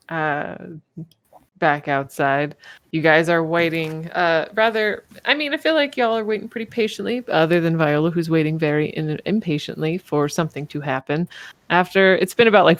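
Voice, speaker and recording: A woman's voice: low voice, moderate pace, no echo. A woman narrating a tabletop game as game master, casual and hesitant with many fillers.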